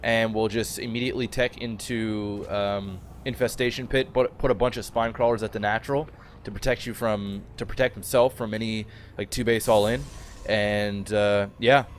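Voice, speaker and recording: A man's voice: on the low side, steady tone, normal speed, a little hiss or hum. A man co-casting a video game match, laid-back and analytical, breaking down strategies in a casual way. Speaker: game commentator. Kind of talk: casual esports commentary.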